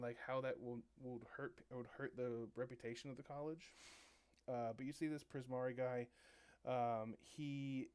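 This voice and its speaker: A man running a tabletop role-playing game, improvising his narration. He talks in halting bursts at a middle pitch. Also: a little mellow, smooth. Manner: halting, many fillers and restarts. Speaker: game master.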